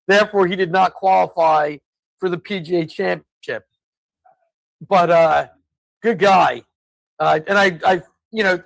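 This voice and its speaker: A man's voice: high-pitched, gravelly, no room sound, rough recording. A man co-hosting a casual podcast, telling stories and ranting in exasperated bursts. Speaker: co-host.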